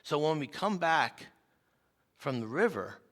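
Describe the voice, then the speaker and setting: A man playing a kind, patient water carrier, speaking gently and slowly to reassure, in a hall with long reverb. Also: on the high side, lively intonation, voice pushed up. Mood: gentle.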